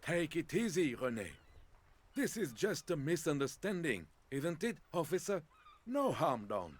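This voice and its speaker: An actor playing a calm man who speaks in a soothing, conciliatory way. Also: on the high side, measured pace, husky, exaggerated voice. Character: calm, placating man smoothing things over.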